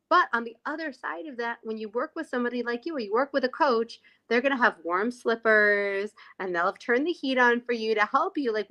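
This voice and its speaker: A woman guest on a podcast, talking reflectively and often pausing to find her words. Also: a little high, fairly bright tone. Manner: reflective, searching for words, many fillers. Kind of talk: conversational podcast chat.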